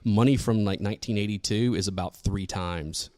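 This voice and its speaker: A man's voice: on the low side, normal speed, a little mellow, no echo, clean studio sound. A man co-hosting a casual podcast, rambling through his thoughts and laughing often. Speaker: podcast co-host. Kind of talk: casual chat.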